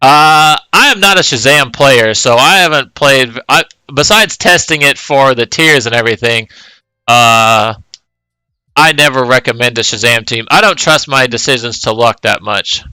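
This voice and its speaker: A man's voice: mid-range voice, normal speed, sharp tone, clean tone, dry recording, soft background music, rough recording. A man casually commenting live on a tabletop card tournament, calling plays as they happen. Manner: casual, play-by-play calling of moves.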